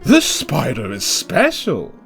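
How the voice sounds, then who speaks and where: A man's voice: medium pitch, wildly swooping pitch, slow pace, gravelly, fairly bright tone, soft background music, pitched above the performer's own voice, full character voice. A man voicing a sinister male postman who speaks with fake friendliness and a hollow, menacing laugh. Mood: mock friendly.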